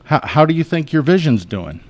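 A man's voice: on the high side, very animated, a little fast, no room sound. A man, an eye surgeon guest in a radio studio, telling funny patient stories in a folksy, chuckling way. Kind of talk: relaxed anecdotal storytelling.

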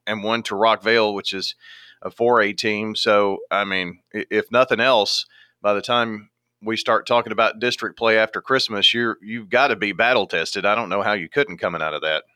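Bright, crisp-voiced radio sports host. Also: male voice, fairly low pitch, dry recording, clean studio sound. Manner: chatty, leading questions. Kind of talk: radio interview.

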